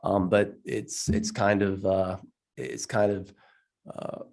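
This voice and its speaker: A man with a stuffy cold presenting his bill at a legislative hearing, halting with many ums and restarts. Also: on the low side, steady tone, creaky, a little mellow. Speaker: state representative presenting a bill.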